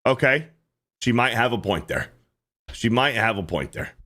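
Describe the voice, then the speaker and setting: A man's voice: mid-range voice, very animated, moderate pace, sharp tone. A man hosting a livestream, reacting to clips in casual, profane commentary and often repeating himself. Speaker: livestream host.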